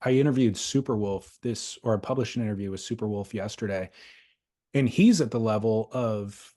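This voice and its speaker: A man's voice: lowish voice, normal speed, warm tone. A man hosting a podcast, chatting casually about surfboards in a loose, rambling, thoughtful way with restarts. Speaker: podcast host. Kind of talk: casual chat.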